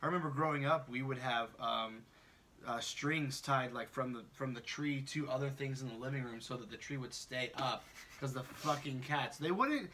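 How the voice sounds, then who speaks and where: A man's voice: mid-range voice, normal speed, pushed and bright, distant mic, slight background noise. A young man from the United States chatting casually on a podcast, telling loose stories with lots of laughter and swearing. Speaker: podcast host. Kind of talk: casual chat.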